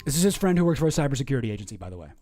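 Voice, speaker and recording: A man's voice: mid-range voice, very animated, rapid-fire, warm tone, faint music behind. A man giving casual, sarcastic, profane reaction commentary on a video.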